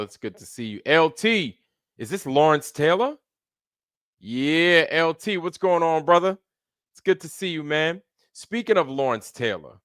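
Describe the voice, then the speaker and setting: A man's voice: mid-range voice, fairly bright tone, no room sound, clean studio sound. A man hosting a casual live stream, loose and slangy, greeting viewers by name in a running roll call. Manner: greets viewers by name one after another. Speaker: livestream host.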